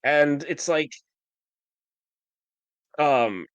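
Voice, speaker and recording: Animated, sarcastic man in casual chat. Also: on the high side, drawn-out words, smooth, dry recording. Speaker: podcast co-host. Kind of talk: casual comic book discussion.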